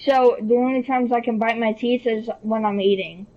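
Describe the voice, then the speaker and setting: A man's voice: extremely high pitch, steady tone, moderate pace, muffled recording. A teenage boy, a podcast guest, chatting casually and joking around. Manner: joking, playful. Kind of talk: casual chat.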